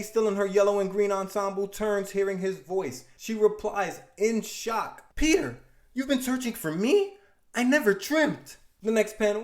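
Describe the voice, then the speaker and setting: A man's voice: sits high, a little mellow. A man casually recapping a comic book issue with playful, wisecracking asides. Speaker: podcast host.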